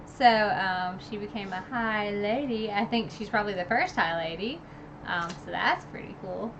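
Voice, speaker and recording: Recapping a novel on her stream, this woman chats in a loose, wandering way, sprinkling in "like," "you know," and side remarks. Her medium-pitched voice is a bit bright at normal speed, though the recording is muffled with a little hiss or hum.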